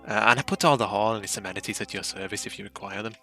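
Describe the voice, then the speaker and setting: A man's voice: lowish voice, very fast, sharp tone. A man playing a fretful, rambling manor owner. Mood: polite. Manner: polite, rambling and hesitant with many ums.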